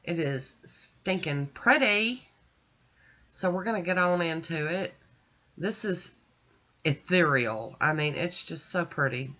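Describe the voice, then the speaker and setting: A woman's voice: deep voice, lively intonation, slow, bright, forceful tone, lo-fi sound. A woman hosting a nail art channel, sounding stuffy and nasal from her sinuses, chatting and gushing as she demonstrates. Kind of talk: casual demonstration chat.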